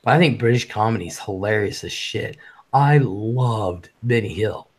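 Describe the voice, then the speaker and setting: A man hosting a casual live stream. He talks fast, swears freely and reads chat messages aloud. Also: on the low side, animated.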